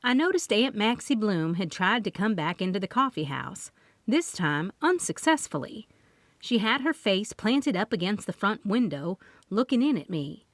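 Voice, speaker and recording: Lively woman narrating an audiobook. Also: mid-range voice, moderate pace, no room sound. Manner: lively, expressive reading. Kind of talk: first-person audiobook narration.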